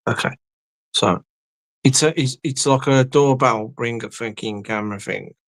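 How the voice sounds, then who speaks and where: A man's voice: medium pitch, a little slow, dry recording. A man chatting casually on a late-night live stream, rambling, trailing off and swearing a lot.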